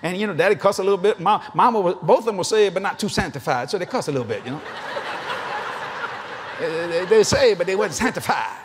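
Cajun preacher guy, high voice, cracking jokes thru his sermon, faint background hum. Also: expressive, fast. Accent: Louisiana Cajun. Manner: folksy, joking, laughs often. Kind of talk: sermon storytelling.

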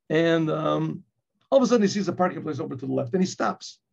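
A man who is a rabbi, teaching a Torah class and telling a personal story, acting out shouted quotes along the way. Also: a little high, lively intonation, fairly quick, creaky, breathy edge. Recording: dull lo-fi recording.

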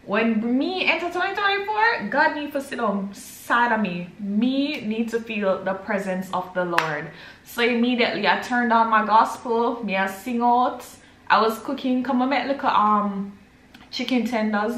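A woman's voice: fairly high pitch, a little slow, a bit bright, slight background noise. A young Jamaican woman chatting casually to her vlog audience at home, switching between patois and English. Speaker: vlogger. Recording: roomy echo.

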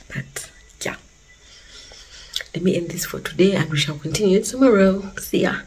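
A young woman from Uganda talking casually to her phone camera in a vlog, chatty and often sliding into soft half-whispered asides. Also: low-pitched, a little hiss or hum, rough recording. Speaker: vlogger.

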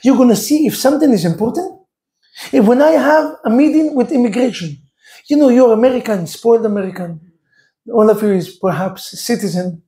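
An Israeli-accented man gives a sermon with a storyteller's flair, acting out the voices of the people he talks about. His voice is soft and dark, and his English is broken and lively. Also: extremely high pitch, brisk. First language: Hebrew. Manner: animated, acts out dialogue, broken English. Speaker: rabbi.

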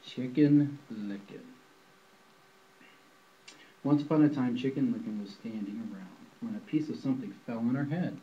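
A man's voice: mid-range voice, moderate pace, long pauses, muffled recording. A man reading a children's picture book aloud in a playful, storytelling manner.

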